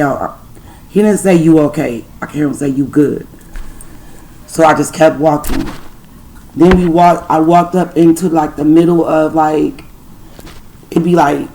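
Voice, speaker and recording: Gravelly-voiced woman telling a story. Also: sits low, darkish tone, rough recording. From Detroit, USA. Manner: profane, rambling spiritual storytelling. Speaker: channel host. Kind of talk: storytime vlog.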